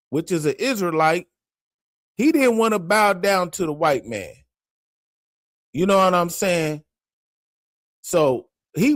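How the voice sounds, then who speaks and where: A man's voice: high-pitched, no room sound, studio quality. A man co-hosting a casual religious discussion, reading passages aloud between casual asides. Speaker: co-host reading scripture.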